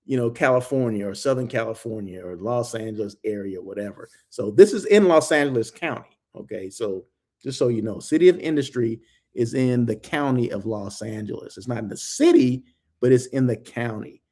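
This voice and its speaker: A middle-aged man hosting a live-streamed hospitality talk show, animated and emphatic, always checking in with "okay?" and "right?". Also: mid-range voice, moderate pace. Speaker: host of a daily hospitality show.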